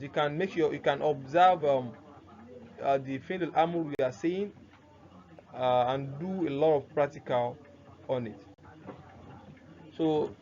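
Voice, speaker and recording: A man's voice: fairly high pitch, a little mellow. A man teaching grammar, who keeps posing "what?" questions and answering them himself, repeating the key terms. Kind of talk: explanatory lesson. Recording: dull lo-fi recording with faint noise.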